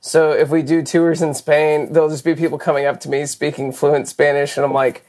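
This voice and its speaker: Host: relaxed American voice, self-deprecating, mid pitch. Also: brisk. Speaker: podcast host, band member. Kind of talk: casual podcast chat.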